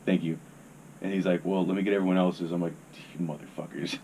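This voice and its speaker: Young guy w a really deep voice, chill rambling storytime, cusses a lot, lil hiss behind. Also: flat delivery, quick pace, warm tone. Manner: laid-back, swears freely, rambling. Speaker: podcast guest. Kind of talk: casual storytelling.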